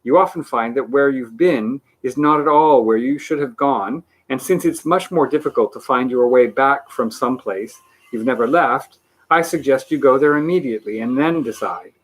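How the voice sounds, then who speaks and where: A man voicing a cheerful, muddled ordinary man who talks in a bright, sing-song way. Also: medium pitch, normal speed, close to an everyday voice. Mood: rambling.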